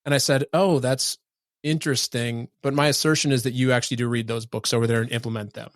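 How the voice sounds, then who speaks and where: A man's voice: mid-range voice, fairly even intonation, very fast, no echo, clean studio sound. A man from Minnesota hosting a podcast interview, friendly and self-deprecating in casual chat. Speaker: podcast host.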